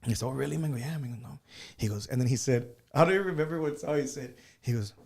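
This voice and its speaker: A man's voice: medium pitch, fast talker, gravelly, a little mellow, breathy edge. A man who is a musician guest on an interview show, telling casual anecdotes and dropping in Spanish phrases.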